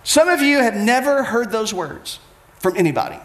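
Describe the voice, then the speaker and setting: A man preaching a sermon with passion, swinging between loud urging and quiet intensity. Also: very high voice, expressive, moderate pace, reverberant. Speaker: pastor.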